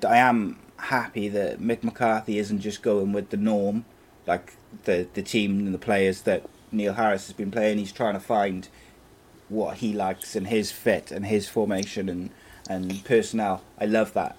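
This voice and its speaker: A man's voice: lowish voice, fairly even intonation, moderate pace. A man giving his views as a football pundit in casual chat, earnest and with frequent fillers and restarts.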